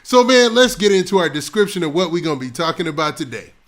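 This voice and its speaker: A man hosting a casual live stream on a close mic, shouting out viewers' locations and talking in laid-back slang. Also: fairly high pitch, expressive, quick pace. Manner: shouting out viewers' locations one after another.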